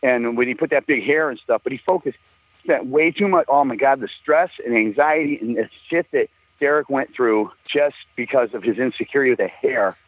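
A man's voice: medium pitch, a little fast, dry recording. An older man, a musician guest, telling rambling, profane stories in a casual chat and laughing often. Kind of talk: casual storytelling. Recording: tinny phone line, dry.

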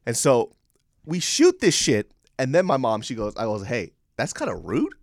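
A man in his thirties co-hosting a podcast, telling a story in casual, profane chat and shouting when he quotes himself. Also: mid-range voice, wildly swooping pitch, moderate pace, no room sound, clean studio sound. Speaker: podcast co-host.

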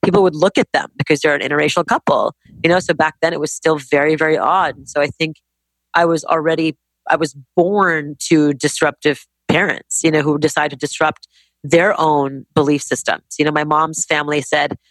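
Emphatic, fast-talking woman. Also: low voice, no room sound. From Canada. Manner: emphatic, animated, rapid storytelling. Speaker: guest entrepreneur. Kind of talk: casual podcast interview.

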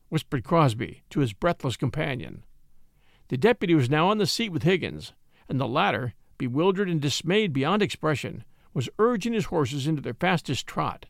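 A man narrating an old-fashioned tale with an expressive storytelling delivery. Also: fairly high pitch, normal speed, vocal fry, no room sound, studio quality.

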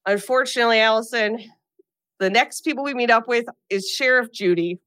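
A woman co-hosting a podcast, retelling a film's plot in a lively casual way, acting out the characters' lines. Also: a little high, a little fast, smooth, no echo, clean studio sound. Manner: animated retelling with acted quotes and laughs. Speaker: podcast co-host. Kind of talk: casual movie recap.

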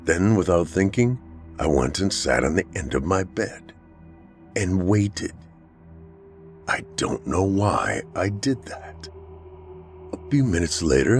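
A man reading a first-person horror story in a somber, measured telling. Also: low-pitched, big pitch swings, faint music behind. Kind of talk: scripted horror narration.

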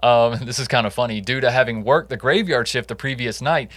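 A man's voice: mid-range voice, fairly quick, fairly bright tone, slightly rough, no echo. A man co-hosting a casual true crime podcast, telling the case in a conversational way with jokey asides. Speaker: podcast co-host.

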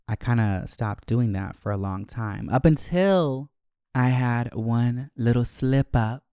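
A man's voice: mid-range voice, a little mellow, smooth, no room sound, studio quality. Candid, foul-mouthed young man telling stories. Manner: candid, profane, joking. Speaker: podcast host. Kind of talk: casual storytelling.

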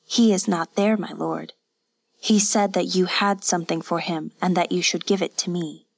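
Timid innkeeper's wife in an audiobook, humble and apologetic, soft lower voice, read by a woman narrator. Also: fairly even intonation, moderate pace, creaky, no echo. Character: frightened servile innkeeper's wife, middle-aged.

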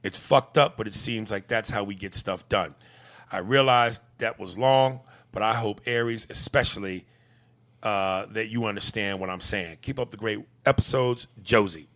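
A man hosting a podcast, reading listener emails aloud in casual chat, profane and quick to laugh. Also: lowish voice. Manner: profane, laughing, animated reader.

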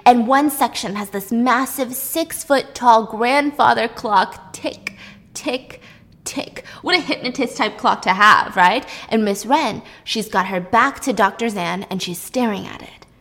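A woman's voice: fairly high pitch, measured pace, few pauses, fairly bright tone. A woman hosting, casually recapping a film in a chatty way while baking. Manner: chatty, laughs often, uses 'like'. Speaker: host.

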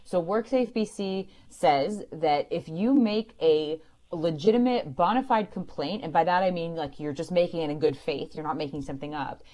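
A woman explaining employment law clearly and emphatically to a caller, as host of a call-in show. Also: deep voice, moderate pace, dark tone. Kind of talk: radio call-in advice.

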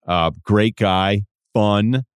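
Low-voiced man telling a wry podcast story. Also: very slow, clear, resonant tone, dry recording, clean studio sound. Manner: conversational storytelling, wry and self-deprecating. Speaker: podcast host. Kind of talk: casual advice monologue.

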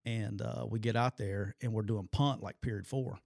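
Speaking at a normal speed, this man has a fairly low voice with vocal fry, captured at studio quality with no room sound. He's a middle-aged ex-football coach chatting about sports, animatedly telling stories, laughing often, and quoting people in raised voices.

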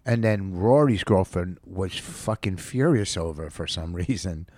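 A man's voice: low voice, lively intonation, a little slow, darkish tone, dry recording, studio quality. A man co-hosting a podcast, telling a rambling story full of curses and indignation. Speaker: podcast co-host. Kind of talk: casual storytelling chat.

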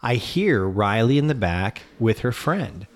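A man's voice: lowish voice, sing-song, measured pace. A man in his thirties casually telling a spooky family story as a podcast co-host, acting out the quoted lines and swearing now and then.

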